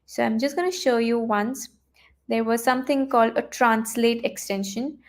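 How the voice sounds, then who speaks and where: A coding teacher runs a live online lesson over a computer mic, guiding viewers through what's on her screen. Her voice is fairly high and she talks at normal speed, thinking aloud with plenty of fillers and restarts.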